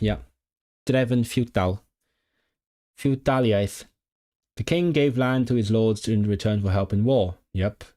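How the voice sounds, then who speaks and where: A slightly mellow man of medium pitch streams himself studying a language in a casual session. Thinking aloud, he tries out the pronunciation of new words and repeats them.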